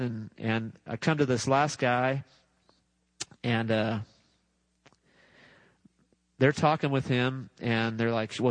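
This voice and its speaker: A man's voice: medium pitch, no room sound, low-quality recording. A man preaching a sermon, telling a testimony story in a chatty way, chuckling and acting out what people said. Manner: chatty, laughs at his own story, acts out voices. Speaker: pastor.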